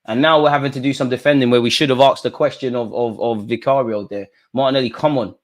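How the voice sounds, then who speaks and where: A young man reacting live to a football match, talking to players and the referee, swinging between low mutters and high shouts. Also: fairly even intonation, fast talker. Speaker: football watchalong streamer.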